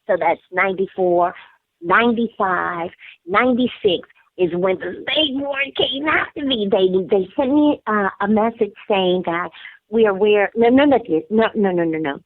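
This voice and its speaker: A middle-aged woman, a hair braider, calls in to an interview and tells her story with emphatic, animated energy, acting out the voices of the people involved. Her voice sits at a middle pitch and comes through a tinny telephone line with a dry, close sound. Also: normal speed, no echo. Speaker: guest, hair braider and school founder.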